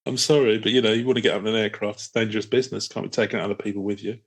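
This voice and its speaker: A man's voice: on the low side, fairly even intonation, rapid-fire, breathy edge. A man co-hosting a podcast, joking around in casual banter with quips and some swearing. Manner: jokey, throws in quips and swearing. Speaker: podcast co-host.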